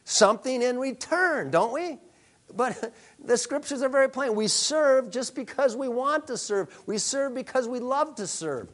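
A man's voice: very high voice, lively intonation, unhurried, fairly bright tone. A male pastor preaching a sermon, emphatic, with rhetorical questions to the congregation.

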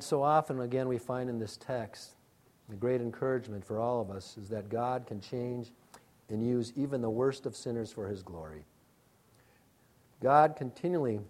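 A male pastor preaching a sermon, calling out names loudly and then dropping to a quiet, intimate hush. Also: medium pitch.

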